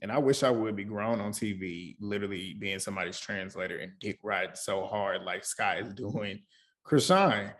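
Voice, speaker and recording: A man hosting a casual reality TV review chat, talking in an animated, gossipy way, laughing often and mimicking the cast. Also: lowish voice, normal speed. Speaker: host.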